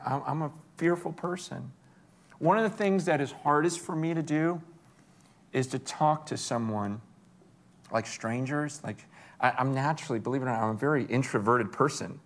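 A man preaching a sermon, telling stories with energy and swinging between hushed and excited moments. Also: medium pitch. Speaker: pastor.

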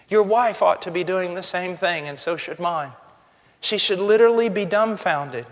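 Male pastor, sermon, impassioned, hushed to shouting, high voice, long hall reverb. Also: moderate pace.

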